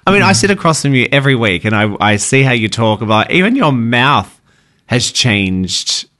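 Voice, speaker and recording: A man's voice: mid-range voice, big pitch swings, normal speed, bright, forceful tone. A man co-hosting a radio show, teasing his partner and laughing a lot. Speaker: radio co-host. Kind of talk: casual on-air banter.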